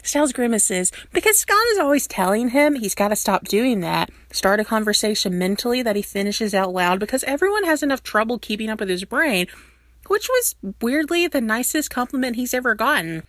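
Woman storyteller, animated lilt, dead-dry close sound. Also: on the high side, fairly quick, no echo. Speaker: reader. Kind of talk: reading fan fiction aloud.

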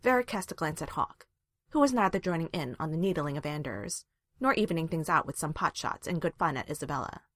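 A woman reading a fan fiction story aloud with expressive narration. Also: sits low, brisk, dry recording, studio quality. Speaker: reader.

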